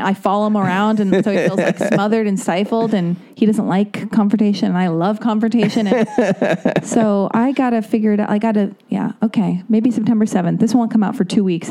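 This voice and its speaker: A woman's voice: mid-range voice, warm tone. A woman in her thirties hosting a podcast, talking candidly and chattily about her relationship. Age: 30s. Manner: candid, self-deprecating, chatty. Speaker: podcast host. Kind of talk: casual podcast chat.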